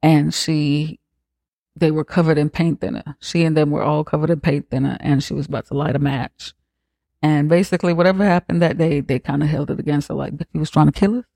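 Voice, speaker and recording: A podcast host giving a comic, profane recap of a film, acting out the characters' lines with lively swings. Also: mid-range voice, brisk, gravelly, no room sound, studio quality. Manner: profane, animated retelling with acted-out quotes.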